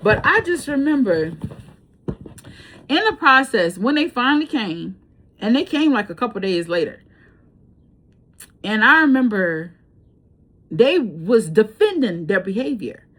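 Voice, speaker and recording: A woman's voice: fairly high pitch, big pitch swings, measured pace, long pauses, fairly bright tone. Blunt, profane woman telling a story. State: breathing hard. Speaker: tarot reader. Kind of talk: casual storytelling chat.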